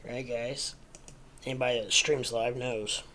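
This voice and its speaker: A man's voice: mid-range voice, level tone, a little slow, sharp tone, slight background noise. A man hosting a casual livestream from home, sleepy and rambling with lots of ums and uhs. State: sleepy, yawning. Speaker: livestream host.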